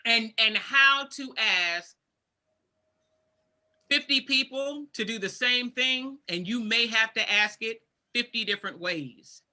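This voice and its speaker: A woman's voice: a little high, takes it slowly, sharp tone. A woman co-hosting a casual panel talk show, giving practical advice and repeating her key points. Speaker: podcast co-host.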